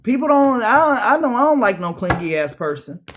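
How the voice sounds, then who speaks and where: A man giving a casual tarot reading, profane and animated, calling his viewers beloved. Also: extremely high pitch, moderate pace, a little hiss or hum. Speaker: tarot reader.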